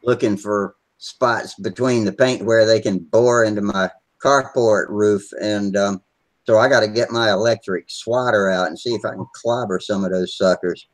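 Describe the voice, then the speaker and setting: A man with a fairly low voice, joining over a video call for a casual chat. He rambles from one story to the next in a salty way and laughs easily. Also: steady tone, moderate pace, low-quality recording. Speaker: regular on a hobby video hangout. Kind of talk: casual chat, swapping stories.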